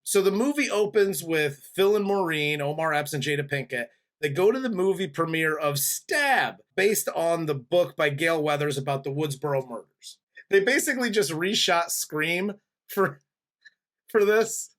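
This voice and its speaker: A man in his forties hosts a relaxed movie review chat, easygoing and often laughing. His voice sits a bit higher than most men's. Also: moderate pace. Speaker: podcast host.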